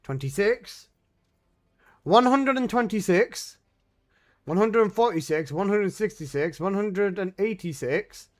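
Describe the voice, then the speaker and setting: A man's voice: high-pitched, lively intonation, measured pace. A young man streaming live and chatting to his viewers, exclaiming, swearing often and breaking into laughter.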